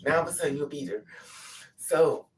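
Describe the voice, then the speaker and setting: A woman's voice: sits low, fast. A woman telling a personal story in a casual monologue, animatedly acting out what others said. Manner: animated, acts out quotes. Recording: distant mic with faint noise.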